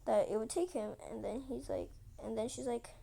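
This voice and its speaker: A woman's voice: fairly high pitch, a little fast, creaky, dark tone. A woman telling a rambling story casually while drawing, repeating herself and acting out quotes with lots of "like". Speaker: channel host.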